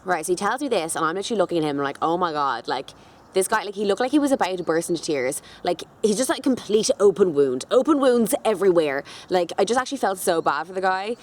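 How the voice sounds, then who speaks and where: A woman's voice: medium pitch, animated, fast, darkish tone. A young woman, casually telling a dating story to camera, full of fillers and swearing. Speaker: beauty vlogger.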